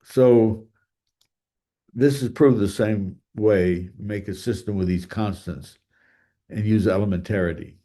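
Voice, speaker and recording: A man delivers a mathematics lecture at a slow, halting pace, pausing on fillers and restarting his sentences as he thinks aloud. His voice sits low and sounds mellow rather than bright. At times he sounds farther off, as if turned toward the board.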